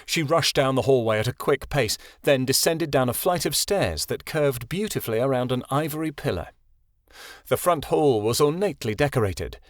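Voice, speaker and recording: A man narrating a fantasy audiobook in an expressive storytelling read. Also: mid-range voice, no echo, studio quality.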